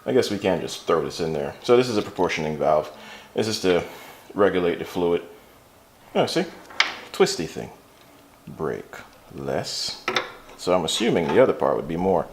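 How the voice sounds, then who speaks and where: A man's voice: low voice, big pitch swings, moderate pace, background noise. A man hosting a casual car repair vlog, rambling and joking at himself while he works in a garage. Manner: joking, rambling, self-mocking. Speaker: channel host.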